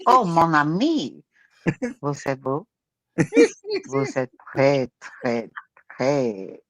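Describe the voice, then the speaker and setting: A woman's voice: a bass voice, big pitch swings, extremely slow, a bit bright, no echo, voice pushed down, exaggerated voice, rough recording. A woman putting on a mock French accent, playing a flirty Frenchwoman.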